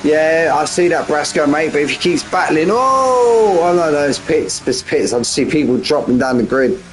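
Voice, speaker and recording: A man in his forties with a slightly high voice gives live race commentary at normal speed, soft music in the background and the recording rough. He's casual and slangy, answering chat during the race and bursting with excitement, even jumping up, when it gets close.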